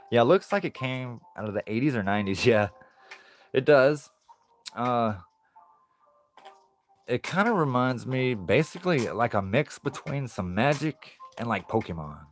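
A man chatting casually on a live stream as he opens card packs, easygoing and laughing often. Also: medium pitch.

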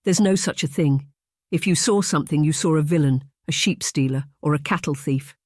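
A blustering, drunken Scottish laird bellows and bullies at the dinner table, as an audiobook narrator puts him on. His voice jumps well above the narrator's usual pitch, loud and harsh in a dry, close recording. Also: brisk, no echo, natural voice. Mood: angry bellowing. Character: angry drunken Scottish laird, middle-aged man, bullying.

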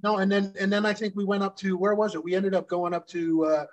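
Flat-toned man in his fifties reminiscing. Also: high-pitched, fast, poor audio. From United States. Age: 50s. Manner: rambling, filler-heavy reminiscing. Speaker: co-host, former pro wrestler. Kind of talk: casual chat.

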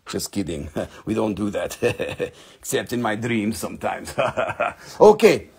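A man's voice: on the low side, lively intonation, slow, darkish tone, breathy edge. A young man hosts a live mineral sales show, joking, teasing and swearing casually while slipping into silly put-on voices. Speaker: host selling minerals on a live stream.

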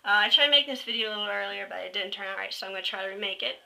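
A woman's voice: mid-range voice, steady tone, racing, vocal fry, pushed and bright, low-quality recording. A woman talking to her camera at home, giving a chatty, rambling update full of fillers and self-corrections. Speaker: vlogger. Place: at home, indoors. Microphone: built-in camera mic, close to face.

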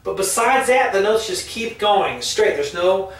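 A man's voice: high-pitched, measured pace, far from the mic. Chatty man teaching piano. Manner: relaxed and chatty, hums and sings rhythms as he explains. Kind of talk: casual online piano lesson. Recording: echoey room, mic set back, loud piano. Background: piano playing.

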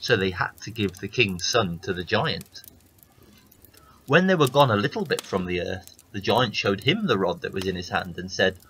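Male storyteller for a fairy tale reading; husky, low, steady narration. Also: moderate pace, poor audio.

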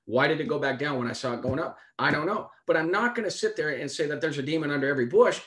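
Emphatic preacher man, slightly high voice. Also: lively intonation, quick pace, fairly bright tone. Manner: emphatic, repeats key phrases, asks rhetorical questions. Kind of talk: conversational Bible teaching.

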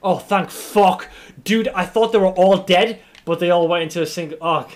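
A man streaming a game, commenting live, swearing often and yelling when startled. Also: high voice, normal speed, faint music behind.

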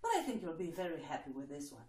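Blunt, sarcastic woman with lively pitch. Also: fast. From Eastern Europe. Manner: blunt, sarcastic, swears freely. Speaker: test administrator addressing applicants. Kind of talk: casual monologue. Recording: echoey room with faint noise.

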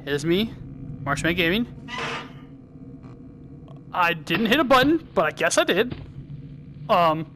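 A woman hosting her own gaming channel, chatting and joking through a VR game and breaking into loud yells. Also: very animated, unhurried, pauses often, a little hiss or hum. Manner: chatty, jokey, bursts into high yelling. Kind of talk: casual gameplay commentary.

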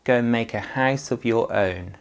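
A male teacher reading the lines of a mother pig in a children's story in a plain, gentle voice. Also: medium pitch, normal speed, natural voice. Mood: firm. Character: mother pig sending her sons away.

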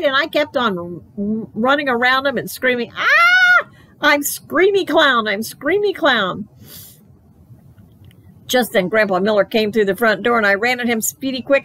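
Library storytime lady reading a kids book, playful, kinda gravelly. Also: medium pitch, fairly bright tone, rough recording. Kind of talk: children's book read-aloud.

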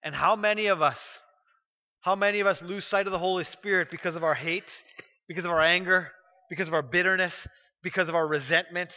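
A middle-aged male pastor delivers a storytelling sermon, pushing his points through emphatic repetition. His voice sits high and sounds bright and forceful. The recording is dull and carries a long church-hall reverb. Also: brisk. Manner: storytelling, emphatic, repeats phrases when pressing a point. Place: church sanctuary.

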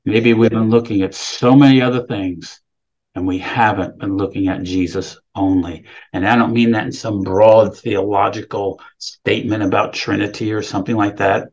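A man's voice: fairly low pitch, steady tone, moderate pace, a little mellow, highs cut off. A man preaching a sermon, reading scripture aloud with rising emphasis and then explaining it plainly. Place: California, speaking remotely.

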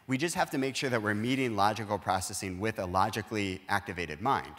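A man's voice: fairly low pitch, fast talker, a bit bright, big-room sound. A man speaking as a pastor in a conversational sermon, earnestly explaining and acting out everyday dialogue. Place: church auditorium.

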